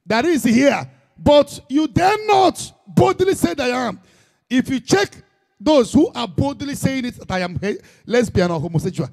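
A man's voice: very high-pitched, very animated, moderate pace, gravelly, darkish tone. A man with a Nigerian Igbo accent, preaching a sermon as a pastor in an impassioned, emphatic style full of repetition.

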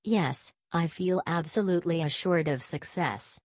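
An upbeat, confident gentleman companion, voiced by a woman reading an audiobook, eager in every phrase. Low voice, and a close, dry sound. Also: unhurried, dry recording. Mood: cheerful.

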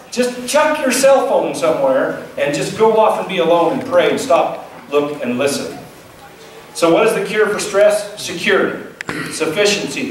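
A man's voice: a little high, a little hiss or hum. A male pastor preaching a sermon in a folksy, conversational way, asking his listeners questions. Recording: echoey church sound from a distant mic.

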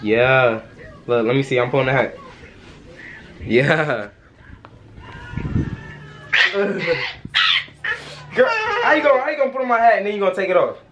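A man's voice: a little high, lively intonation, moderate pace, long pauses, dull audio, noisy background. A man filming a casual home vlog as a young father, playfully laughing and scolding his toddler in a bedroom.

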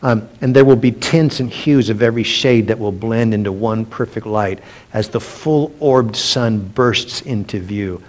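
Speaking a little slowly in a lowish voice, a male pastor runs a relaxed Bible study. Between reading verses aloud, he wanders off into conversational personal tangents and often starts over mid-sentence.

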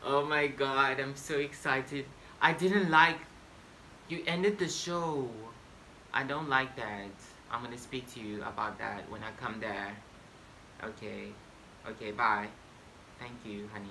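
A man vlogging a casual storytime monologue to camera, excitable and boastful, breaking into sudden loud swearing outbursts. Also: medium pitch, a little slow, a little hiss or hum.

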